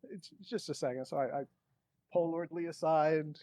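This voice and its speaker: Higher-voiced man playing a tabletop game. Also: fairly even intonation, normal speed, warm tone. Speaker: player. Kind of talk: casual tabletop role-play.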